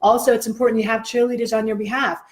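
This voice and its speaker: A woman's voice: a little high, flat delivery, very fast. A woman co-hosting a casual motivational chat, earnest and encouraging, acting out the voices she quotes. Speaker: co-host, coach.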